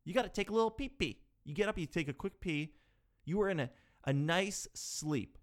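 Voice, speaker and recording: A man in his twenties telling comic stories about his life, animated, jumping from loud yells to low mumbled asides. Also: moderate pace. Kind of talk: comedic storytelling.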